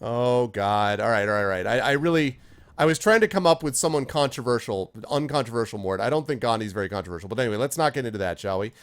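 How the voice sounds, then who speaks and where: A man with a medium-pitched, expressive voice talks fast and smoothly while streaming a game. He reads chat as he plays, addressing viewers by name in rambling, casual live-stream conversation.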